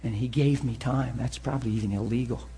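A man preaching and telling his own story in a sermon, with animated storytelling that rises to shouts. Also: medium pitch, brisk. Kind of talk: sermon testimony.

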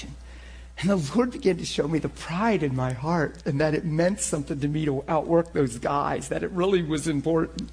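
A man preaching and telling his own story in a sermon, with animated storytelling that rises to shouts. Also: fairly high pitch, moderate pace, breathy edge. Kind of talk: sermon testimony.

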